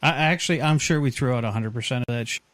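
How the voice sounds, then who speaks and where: A man's voice: medium pitch, quick pace, a bit bright, no room sound. A man hosting a podcast, telling crude, joking stories in casual banter. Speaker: podcast host.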